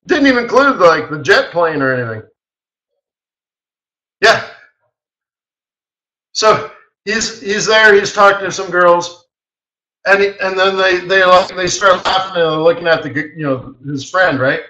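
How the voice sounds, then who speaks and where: A man hosts a live webinar, with a bright, forceful voice pitched somewhat high. He tells anecdotes in an animated way, laughing often and putting on voices for the people he quotes. The sound is echoey and a little muffled. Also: unhurried, long pauses. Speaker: market strategist hosting a trading webinar.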